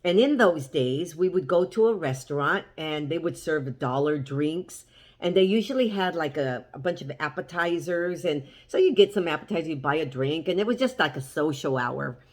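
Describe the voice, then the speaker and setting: A woman's voice: deep voice, expressive, moderate pace. A woman chatting to the camera as she tells a story, animatedly quoting what everyone said. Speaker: vlogger. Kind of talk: casual storytelling.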